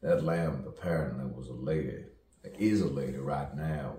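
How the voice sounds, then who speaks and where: A man with a very deep, low voice delivers a rambling spoken-word monologue, musing to himself and slipping into put-on voices and whispers. He sounds set back from the mic in an echoey room with faint ambience behind him. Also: normal speed, warm tone, distant mic, a little hiss or hum. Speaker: poet and playwright.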